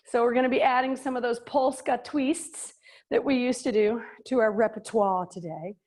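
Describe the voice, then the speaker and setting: A middle-aged woman leads a live workout class as a fitness and yoga instructor, her voice high and a little mellow. She's upbeat and jokey, counting reps while sounding slightly out of breath.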